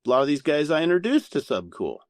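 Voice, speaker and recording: A man telling a candid story as a podcast guest, animated and full of swearing. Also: a little high, fast talker, no room sound, studio quality. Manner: profane, animated anecdote-telling.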